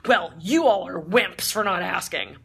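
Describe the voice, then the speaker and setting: A woman mimicking a shrill, indignant airline passenger. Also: animated, normal speed, husky, full character voice. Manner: demanding, high and loud.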